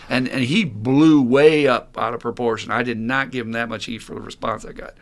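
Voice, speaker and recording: A man's voice: medium pitch, brisk. A man hosting a podcast about recovery, speaking bluntly, swearing freely and telling stories from his time as a sponsor. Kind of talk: candid podcast conversation.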